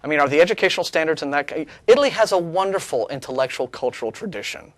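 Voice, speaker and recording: A man co-hosting a studio talk show, talking in a sarcastic, animated way, with many restarts. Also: a little high, rapid-fire, no echo. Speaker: co-host. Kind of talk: casual studio discussion.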